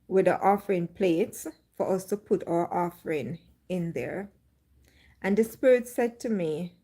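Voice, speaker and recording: A woman's voice: mid-range voice, a little mellow. A woman hosting a livestream, telling a personal faith testimony as a story with dramatic re-enactments. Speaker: livestream host.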